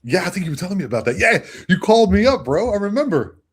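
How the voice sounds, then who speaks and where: A man's voice: high-pitched, very animated, fast, husky. A man co-hosting a podcast in casual, profane chat, often breaking into cackling laughter. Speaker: podcast co-host.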